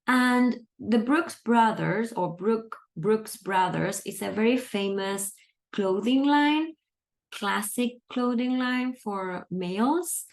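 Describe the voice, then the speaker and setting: A woman's voice: a little high, animated, slow pace. A woman teaching English, reading a book aloud and patiently explaining its grammar and vocabulary step by step.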